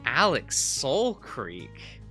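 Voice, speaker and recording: A man's voice: medium pitch, huge pitch swings, very slow, pushed and bright, faint music behind. A man chatting casually on a stream while drawing, giggling often and rambling as he searches for words. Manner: giggly, laughs often between phrases.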